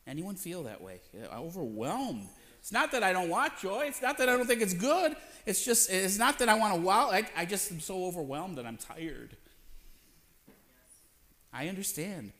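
A man with a high-pitched voice preaches in a church. He speaks conversationally, throwing questions to the congregation and acting out short voices in quotes. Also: a bit bright. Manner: acts out voices in quotes, playful asides. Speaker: pastor. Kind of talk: sermon.

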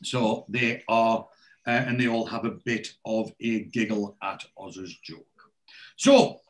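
A man's voice: fairly low pitch, steady tone, takes it slowly. A man in casual chat, retelling a TV episode scene by scene and lightly acting out the characters' lines.

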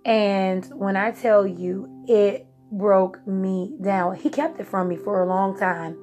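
A woman's voice: medium pitch, takes it slowly, a little mellow, faint music behind. A woman from Virginia giving a personal testimony, emphatic and emotional, acting out her past words. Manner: emotional, emphatic storytelling with voiced quotes.

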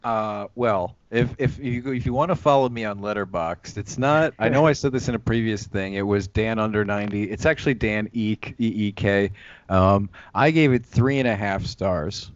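A man with a fairly low voice co-hosts a film podcast. He adds dry, wry remarks to the conversation. His voice is close and dry, and the audio is slightly dull. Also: normal speed, dry recording. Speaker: podcast co-host. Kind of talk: casual film discussion.

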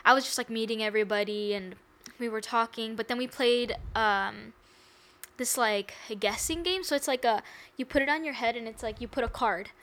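A young woman tells a story on her podcast in a bubbly, giggly way, filling her sentences with "like." Her voice sits a bit high, and she keeps it casual and light. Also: normal speed, fairly bright tone. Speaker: podcast co-host. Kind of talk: casual chat.

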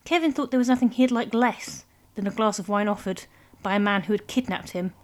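A woman narrating a comic story in a measured, lightly humorous way. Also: medium pitch. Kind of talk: scripted narration.

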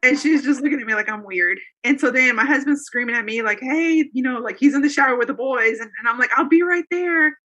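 An earnest woman in her thirties or forties tells a personal story as an interview guest. Her voice sits fairly high and sounds bright and forceful. She rambles a little, circling back with fillers and restarts. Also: quick pace, hardly any pauses. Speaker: guest telling a faith testimony. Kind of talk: casual conversational storytelling.

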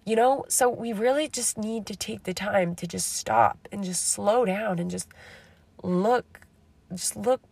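A young woman hosting a casual self-help podcast, talking fast and candidly with some swearing, her voice a little raspy from being slightly sick. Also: mid-range voice, darkish tone. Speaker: podcast host.

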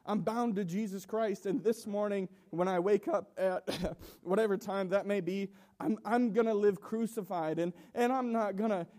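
A young man preaching an emotional sermon in a church, halting and repeating himself with nervous laughs. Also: sits high, dark tone. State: emotional, coughing.

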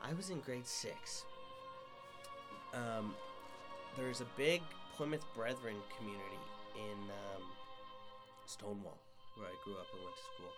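A man's voice: fairly low pitch, steady tone, a little slow, long pauses, over loud music. Rambling, self-mocking young man. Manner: rambling storyteller with filler-heavy, self-mocking humour. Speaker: podcast host. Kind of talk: casual chat.

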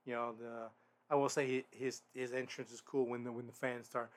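A man hosts a podcast, talking through a wrestling show on his own in a loose, rambling way. His delivery stays fairly level and flat in pitch, with many restarts and blunt, sweary asides. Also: normal speed. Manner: rambling, frequent restarts and fillers. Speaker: podcast host. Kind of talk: casual solo wrestling review.

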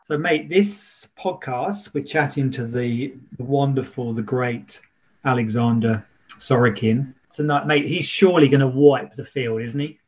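A man's voice: medium pitch, a little slow, husky. A man hosting a podcast in casual chat, enthusiastic and chummy, calling his co-host mate.

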